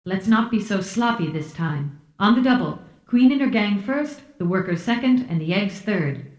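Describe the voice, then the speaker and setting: A woman reading an audiobook voices a brisk, commanding woman team leader who speaks crisply and tartly. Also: mid-range voice, expressive, close to an everyday voice. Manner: crisp and bossy. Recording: roomy echo.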